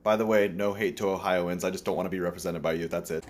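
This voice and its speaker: A man's voice: sits low, steady tone, fast. An American man ranting sarcastically to camera in a casual video. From United States.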